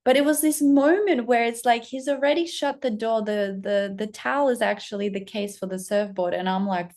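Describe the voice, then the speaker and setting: A young adult woman, a spiritual coach, telling a personal story to camera in a lively, casual way and acting out the other people's lines. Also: mid-range voice, normal speed, hardly any pauses. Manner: animated, acts out quoted voices, casual swearing.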